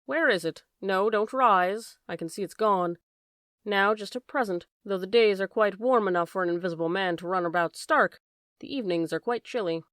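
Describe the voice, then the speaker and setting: A woman's voice: mid-range voice, normal speed, fairly bright tone, no room sound, studio quality, natural voice. A woman reading an audiobook, voicing the clipped, commanding demands of an invisible man. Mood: demanding.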